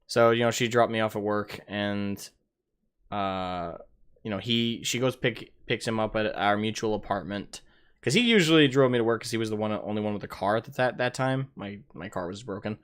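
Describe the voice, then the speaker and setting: A man co-hosting a podcast tells a story in casual conversation, swearing freely and acting out what people said. His voice is fairly low and clean-toned, at a normal speed.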